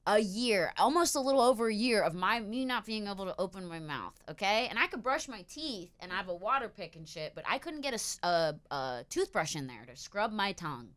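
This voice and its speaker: A woman's voice: mid-range voice, big pitch swings, fairly quick, hardly any pauses, a bit bright. A woman in her thirties hosting a podcast, talking animatedly, swearing freely and jumping in on others. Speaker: podcast host. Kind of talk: casual chat.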